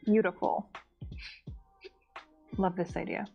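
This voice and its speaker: A woman's voice: medium pitch, fairly even intonation, slow, gravelly, lo-fi sound, soft background music. Cheerful woman giving upbeat encouragement. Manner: upbeat, encouraging, short affirmations. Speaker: comedy show co-host. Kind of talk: casual chat.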